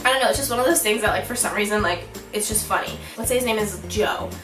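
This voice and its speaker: A young woman vlogger telling a storytime in an animated, giggly way, acting out her own shouts. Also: mid-range voice, fast, far from the mic. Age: young adult. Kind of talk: storytime vlog. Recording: echoey room, a bit off-mic, music behind.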